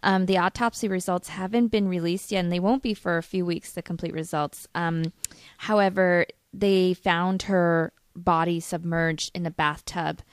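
A woman's voice: lowish voice, steady tone, normal speed, clean tone, no room sound. A woman co-hosting a casual talk show, chatty with many ums, reading news items in between banter. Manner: chatty, many ums, drops Spanish phrases. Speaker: co-host. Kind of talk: casual radio chat.

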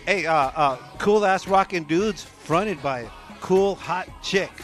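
A man's voice: high-pitched, slow, faint music behind. A man co-hosting a casual talk show, joking crudely and hesitating with many fillers. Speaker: co-host. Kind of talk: casual radio show chat.

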